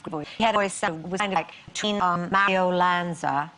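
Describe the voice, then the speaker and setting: An older woman with a Scottish accent, telling stories in a lively way in an interview and acting out quotes as she goes. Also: on the low side, fairly quick. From Scotland. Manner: lively storytelling, acts out quotes. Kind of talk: interview conversation.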